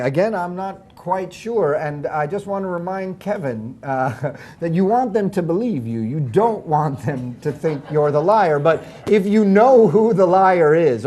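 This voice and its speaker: A man's voice: a little high, a little mellow. A man hosting a comedy game show, playfully reminding the players of the rules.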